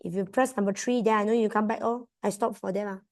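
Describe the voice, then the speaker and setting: This young woman talks fast in a mid-range voice with fairly even intonation. With a Malaysian accent, she tutors students online for exams, blending English and Malay words while urging them through their answers.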